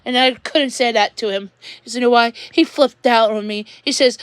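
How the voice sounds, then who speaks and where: Woman streamer venting, high voice, rambling and halting, dry close sound. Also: clean tone, no echo. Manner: rambling, halting, repeats words while venting. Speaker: livestreamer. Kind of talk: emotional livestream venting.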